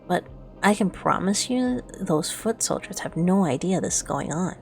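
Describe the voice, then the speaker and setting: A woman voicing a nervous gang doctor speaking hushed over a call. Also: on the low side, lively intonation, moderate pace, creaky, soft background music. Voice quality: hushed, quiet.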